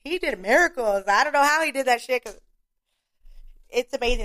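A woman's voice: high voice, expressive, moderate pace, a bit bright. A young woman hosting a casual show, talking bluntly with lots of swearing and frequent laughs. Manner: blunt, profane, laughing often. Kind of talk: casual chat.

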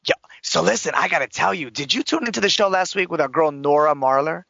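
A show host chatting casually about celebrity gossip in an animated way, full of fillers like "like". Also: medium pitch, fast talker, gravelly, dry recording. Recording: dull lo-fi recording.

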